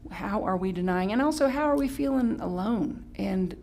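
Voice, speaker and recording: Woman pastor delivering a casual, animated Sunday sermon; playful and conversational with a faint hum behind her. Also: normal speed, vocal fry. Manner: animated and playful, with sudden high exclamations; chatty, with restarts and self-correction. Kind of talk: live-streamed Sunday sermon.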